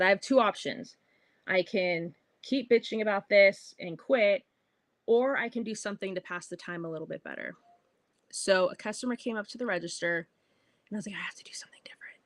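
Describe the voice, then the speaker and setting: A bubbly, middle-aged woman hosting a podcast, telling a personal story in a casual, animated way. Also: lowish voice, dry recording. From California. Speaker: podcast host.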